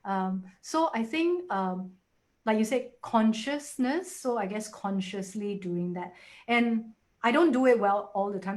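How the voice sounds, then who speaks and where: Chatty Singaporean woman, animated. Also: mid-range voice. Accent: Singaporean English. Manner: chatty, animated, with quoted voices. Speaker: guest. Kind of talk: casual webinar conversation.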